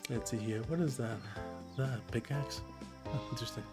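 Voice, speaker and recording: A man chatting casually on a friend's stream, relaxed and easygoing, filling in with "you know". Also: medium pitch, moderate pace, loud music behind the voice. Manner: relaxed, laid-back, fills in with "you know". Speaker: co-host friend. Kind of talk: casual chat.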